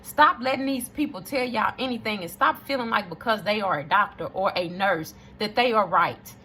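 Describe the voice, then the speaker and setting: A woman's voice: mid-range voice, moderate pace, sharp tone, a little hiss or hum. A woman, telling a personal story to viewers in an emphatic, preachy way and repeating lines for emphasis. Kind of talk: casual testimony to camera.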